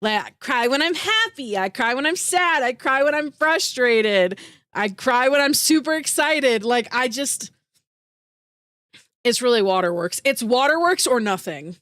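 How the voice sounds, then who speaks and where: Female streamer, high and bright, bubbly, giggly, emotional, close and dry. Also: animated, a little slow, no room sound. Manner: bubbly and giggly, heavy on "like" fillers; emotional, voice rising into teary squeals. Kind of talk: casual live-stream chat with viewers.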